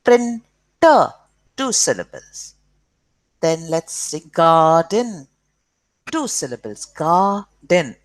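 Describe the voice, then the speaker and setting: Woman teacher going slow for kids, spelling stuff out, lively up and down voice, kinda low. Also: dry recording. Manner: slow and patient, spells words letter by letter and stretches them out; says "okay" often to check along. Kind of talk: grammar lesson for children.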